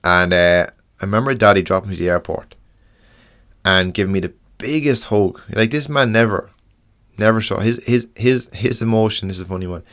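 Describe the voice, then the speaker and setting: Young Irish male podcast host, slightly low pitch, frank and earnest, halting delivery with restarts. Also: fairly bright tone. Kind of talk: casual podcast monologue.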